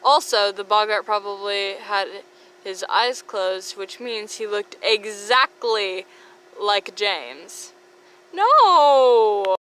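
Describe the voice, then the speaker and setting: Bright-voiced woman reading fan comics. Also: mid-range voice, clear, resonant tone, poor audio. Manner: breathless, rapid run-on reading. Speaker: fan comic dub reader.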